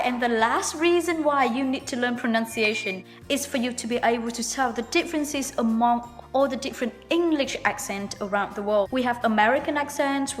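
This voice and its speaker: A young woman hosts a relaxed English pronunciation lesson in a fairly high voice. She explains patiently and slows down to repeat example words. Her voice rings in a long reverb, with faint music playing underneath. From Vietnam. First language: Vietnamese. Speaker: English teacher, channel host. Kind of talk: casual video lesson. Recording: reverberant room with background music.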